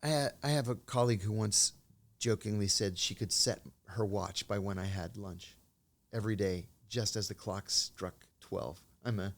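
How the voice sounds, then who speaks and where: A man's voice: lowish voice, moderate pace. A man, a guest in an interview, speaking casually and telling anecdotes, sometimes acting out the lines of the people in his story. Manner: anecdotal, acts out quoted dialogue. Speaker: interview guest, former intelligence officer.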